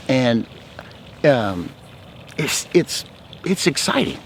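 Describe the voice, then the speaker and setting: A man's voice: medium pitch, animated, normal speed, slight background noise. Talkative, outgoing man sharing faith stories. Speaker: ministry speaker. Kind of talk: faith testimony talk.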